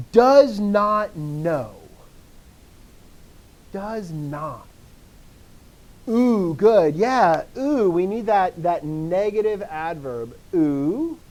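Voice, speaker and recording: Here the language teacher has a high, warm voice. Eager and talkative, he keeps cutting himself off to ask questions and supply the answers during the lesson.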